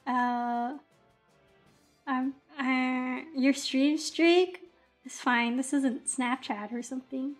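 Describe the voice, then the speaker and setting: A young woman streams casually, and her voice sits high and bright. She rambles excitably and fills her chatter with lots of "like" and "um". Soft music plays faintly underneath. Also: slow pace. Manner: rambling and excitable, many filler words. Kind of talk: casual livestream chat.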